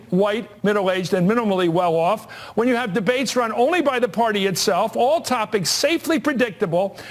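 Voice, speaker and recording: A man giving a scripted TV political commentary, posing pointed rhetorical questions. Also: extremely high pitch.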